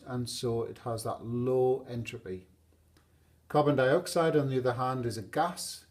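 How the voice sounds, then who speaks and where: A man teaching a chemistry lesson at a whiteboard, explaining steadily and pausing to draw graphs. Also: mid-range voice, darkish tone.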